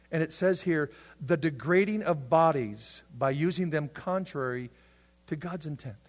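A male pastor preaching a sermon, swinging between loud, impassioned passages and hushed, intense ones. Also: a little high. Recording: long hall reverb.

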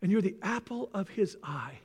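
Animated high-voiced preacher man. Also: normal speed, slightly rough. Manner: animated, dramatic, acts out voices, drops to near whispers. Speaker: pastor. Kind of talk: sermon. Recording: long reverb in a large hall.

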